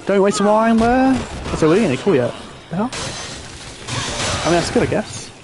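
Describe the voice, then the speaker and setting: Exasperated swearing gamer. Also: male voice, sits high, big pitch swings, measured pace, over music. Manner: exasperated, swearing, yelling at game characters. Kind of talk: let's play commentary. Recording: game sounds and noise behind voice.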